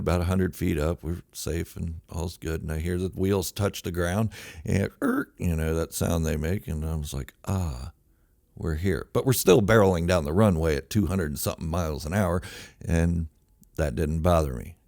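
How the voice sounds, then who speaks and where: A man with a very low voice tells a true story in a loose, casual monologue. He mocks himself and plays up the drama with sudden loud bursts. The sound is close and dry, with no room around it. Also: creaky, dry recording. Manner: self-mocking, dramatic retelling with sudden loud outbursts.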